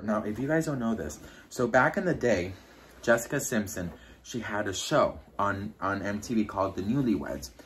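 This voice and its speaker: Chatty gossiping man telling a story. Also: a little hiss or hum. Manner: chatty, gossipy, full of "like" and "you know"; breaks into high-pitched impressions when quoting people. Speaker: YouTuber. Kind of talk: casual storytime chat.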